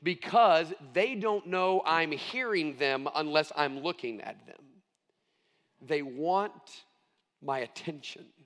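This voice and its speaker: A middle-aged male pastor preaching a sermon, earnest and emphatic, stressing key phrases slowly. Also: a little high, a bit bright, big-room sound.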